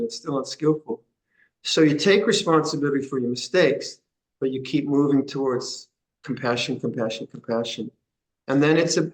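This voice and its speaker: Frank older monk, higher voice. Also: male voice, poor audio. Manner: frank, chatty, chuckles, repeats phrases. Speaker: Buddhist monk teacher. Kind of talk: answering a question in a Dhamma session.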